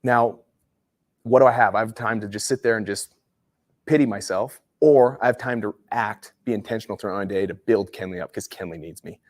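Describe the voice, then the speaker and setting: A man's voice: on the low side, a little fast, no room sound, clean studio sound. Casual rambling motivational speaker, a man. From Utah. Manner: casual, rambling storyteller with many fillers. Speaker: guest speaker. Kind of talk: motivational talk with personal stories.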